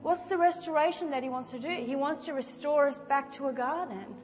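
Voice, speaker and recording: A woman preaches in a conversational, animated way, acting out little scenes for her listeners. Her voice sits high, and it carries a long reverb from the hall. Soft music plays faintly underneath. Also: a little fast. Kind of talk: sermon. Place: church hall.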